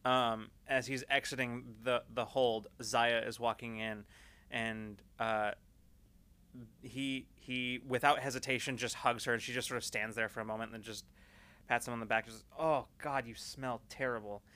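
A man narrating a tabletop game as game master in a relaxed, descriptive way. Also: medium pitch, normal speed, smooth.

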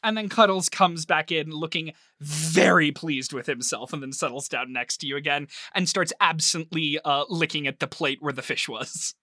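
A man running a tabletop role-playing game, narrating in a loose, rambling way and often laughing. His voice is bright and forward, and the sound is dry and close with little room around it. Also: a little high, normal speed, no echo. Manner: casual, rambling, full of "like" and laughter. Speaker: game master.

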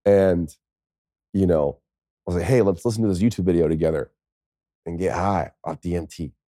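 An American man in his thirties, a podcast guest, telling stories in a casual, lively way, swearing now and then. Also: low-pitched, normal speed, dry recording, clean studio sound. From United States. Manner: lively, swears, acts out quoted speech. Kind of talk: casual storytelling.

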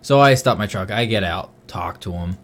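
A man's voice: on the low side, lively intonation, moderate pace, fairly bright tone. A man co-hosting a podcast in casual chat, telling rambling, profane stories. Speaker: podcast co-host.

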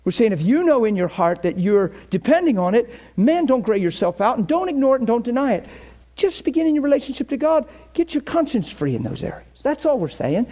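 Middle-aged male pastor with a very high voice; impassioned sermon delivery. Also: sing-song, a little fast. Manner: impassioned, swings from quiet to shouting.

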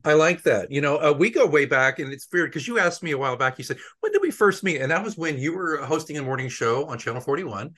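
A man's voice: a little high, fast talker, few pauses, sharp tone. A middle-aged man hosting an interview podcast, chatty and joking with an old friend. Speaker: podcast host. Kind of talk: casual interview chat.

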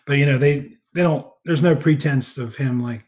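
A man's voice: medium pitch, normal speed, a little mellow. A man casually recapping a film scene by scene, full of ums and uhs. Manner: rambling recap with many fillers. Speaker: podcast co-host.

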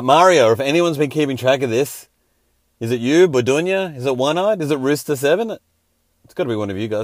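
A man's voice: medium pitch, no room sound, clean studio sound. A man hosting a casual sports round-up, a little scratchy and hungover, with wry joking asides. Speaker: host.

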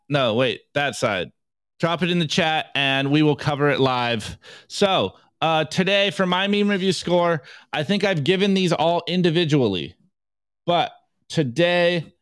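Man, casual stream host, fairly high voice, dry close sound, loose and rambling, self-correcting. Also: a bit bright, dry recording. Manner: loose, chatty, stumbles and restarts while reading memes aloud. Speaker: podcast host. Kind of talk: casual live-stream commentary.

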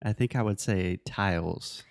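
A man with a notably low voice co-hosts a relaxed language podcast. He patiently breaks words into sounds and corrects pronunciation. The recording is dry and close. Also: a little slow, creaky, dry recording. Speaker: podcast co-host and English teacher. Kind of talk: casual conversational English lesson.

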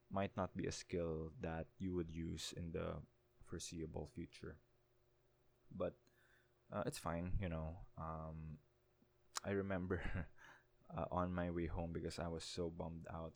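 A young man talking casually on his own podcast in a very low voice with a gravelly edge. He speaks candidly and haltingly, with frequent pauses and restarts. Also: a little mellow. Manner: candid, halting, switching between English and Tagalog. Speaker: podcast host. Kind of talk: casual solo podcast monologue.

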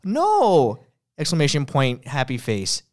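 A man's voice: mid-range voice, animated, quick pace. A young man hosting a podcast in casual chat, easygoing and teasing, laughing often. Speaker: podcast host.

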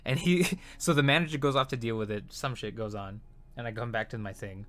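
A man's voice: medium pitch, quick pace, a bit bright. A man casually telling a frustrating story from his retail job, rambling and swearing, with lots of fillers and restarts. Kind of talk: casual chat.

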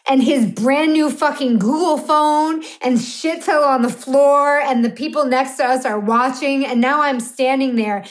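A woman's voice: high-pitched, a little slow, hardly any pauses. A woman, co-hosting a podcast and telling an explicit story in a blunt, self-mocking way. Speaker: podcast co-host. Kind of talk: candid comedic storytelling.

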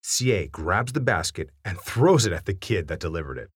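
Husky wry male storyteller. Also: deep voice, very animated, moderate pace, no echo, clean studio sound. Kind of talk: reading a family anecdote aloud.

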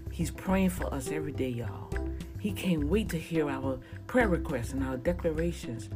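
A lower-pitched woman shares her faith in a casual, animated testimony, talking straight to her viewers. Music plays clearly behind her voice the whole time. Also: normal speed. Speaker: vlogger sharing a testimony.

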